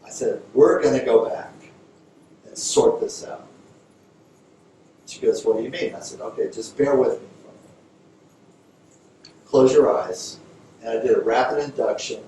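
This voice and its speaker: A man's voice: mid-range voice, a little slow, long pauses, mellow. A man giving a conversational lecture as a yoga teacher, telling a story and acting out both sides of the dialogue in a raised voice. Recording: distant mic in an echoey room with faint noise.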